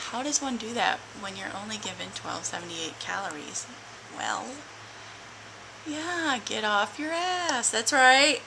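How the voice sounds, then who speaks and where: An upbeat woman chatting to her camera about her week, self-mocking and conversational. Her voice is bright and forward with a gravelly fry at the ends of phrases. It sounds like a built-in camera mic at home, with a faint hiss behind. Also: mid-range voice, poor audio. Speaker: vlogger. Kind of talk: casual weight-loss video diary.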